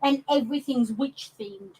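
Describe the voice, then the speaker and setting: High-voiced woman chatting about films. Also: normal speed, darkish tone, rough recording. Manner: chatty, with many ums and restarts. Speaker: podcast co-host. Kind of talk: casual film discussion.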